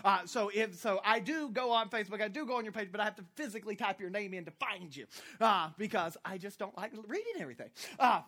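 A woman from Florida preaching a sermon, blunt and animated with scolding asides. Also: medium pitch, quick pace. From Florida, United States. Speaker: pastor.

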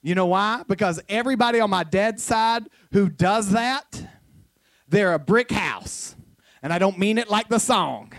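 A man's voice: high-pitched, expressive, unhurried, a bit bright, dry recording. A man preaching a sermon as pastor, in a loose conversational way full of jokes and family stories. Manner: conversational, joking storyteller. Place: church.

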